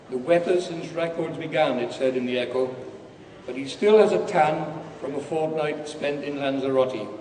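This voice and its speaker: A man's voice: on the high side, normal speed, darkish tone, slight background noise. A man reading his own comic story aloud at a live event, dry and wry with sudden outbursts. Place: large hall, live reading. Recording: echoey hall from far off.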